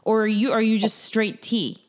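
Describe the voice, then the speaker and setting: A woman's voice: on the high side, little pitch movement, moderate pace. An American woman co-hosting a podcast, casual, jokey and self-deprecating. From United States. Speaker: podcast co-host. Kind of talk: casual chat.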